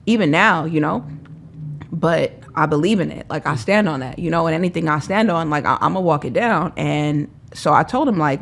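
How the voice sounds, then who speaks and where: A young woman telling her life story as a podcast guest, emphatic and animated, acting out the voices of people she quotes. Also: sits low, moderate pace, gravelly. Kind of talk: candid storytelling.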